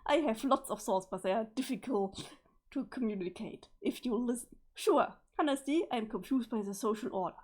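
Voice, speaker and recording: A woman's voice: on the high side, normal speed, darkish tone, lightly acted. A woman voicing a stiff, sweaty, formal male alien troll, in a pompous and stilted manner.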